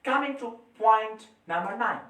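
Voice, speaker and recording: A male teacher giving an energetic lecture to his students, emphatic and repetitive, with forceful rises and drops in his voice. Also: high voice, unhurried. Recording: echoey room, mic far off.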